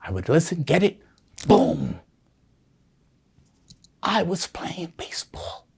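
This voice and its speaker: An older man from the United States tells his life story in an interview, his voice husky and a little worn. He tells it with feeling and acts out the voices of people he remembers, now hushed, now loud. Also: fairly high pitch, sing-song, slow pace, in a whisper. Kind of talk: emotional storytelling.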